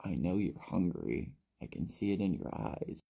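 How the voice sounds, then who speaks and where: A man voicing a manipulative teenage boy who talks in a soft, coaxing, falsely caring way, in a storytelling recap. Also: sits low, sing-song, normal speed, gravelly, full character voice.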